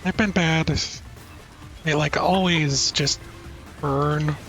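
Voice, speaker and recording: Man from the American northwest, slow unhurried gamer chat, slightly high voice, faint game music. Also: fairly even intonation, a bit bright, poor audio. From northwest United States. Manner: unhurried, thoughtful, trails off with fillers. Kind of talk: casual chat while gaming.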